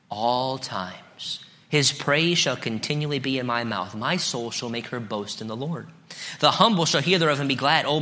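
A middle-aged pastor preaching an evening sermon, chatting with the congregation and reading psalms aloud with rising, emphatic peaks. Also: male voice, mid-range voice, pushed and bright.

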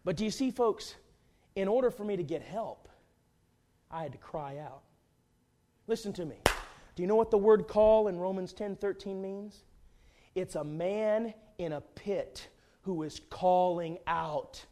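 A man preaching a sermon, telling a folksy, humorous personal story in an animated way. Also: high voice, moderate pace.

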